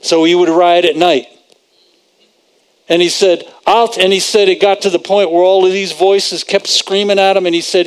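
Conversational preacher man, fairly high voice. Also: level tone, moderate pace, clean tone. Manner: conversational, repeats phrases for emphasis. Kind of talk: sermon.

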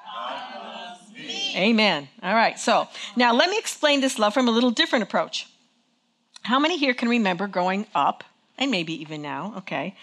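A woman with a medium-pitched, somewhat bright voice gives a conversational sermon to her congregation. She leads call and response and checks in with them through frequent "okay?".

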